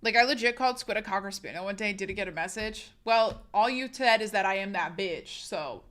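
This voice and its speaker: A woman's voice: mid-range voice, a little fast, few pauses, fairly bright tone. A woman streamer, sick, talking frankly and casually straight to her live chat.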